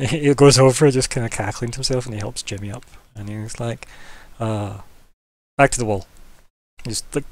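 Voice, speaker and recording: A man narrating a tabletop game as game master, rambling with many fillers. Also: on the low side.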